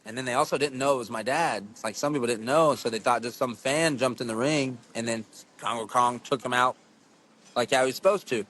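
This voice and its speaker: Rambling profane wrestler telling stories. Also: male voice, mid-range voice, fairly quick. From USA. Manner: rambling, profane, animated storyteller. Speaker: wrestler, podcast guest. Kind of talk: casual storytelling interview.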